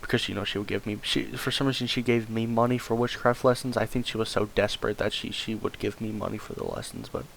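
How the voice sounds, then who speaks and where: A man's voice: fairly low pitch, fast talker, vocal fry, few pauses, a bit bright, a little hiss or hum. A man telling a rambling comedic story, stammering and repeating words and swearing often.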